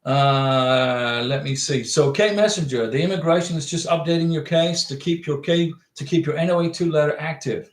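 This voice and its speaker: A man's voice: on the high side, moderate pace, few pauses, echoey room. A man hosting a casual livestream, chatting folksily, reading viewer messages aloud and giving direct advice.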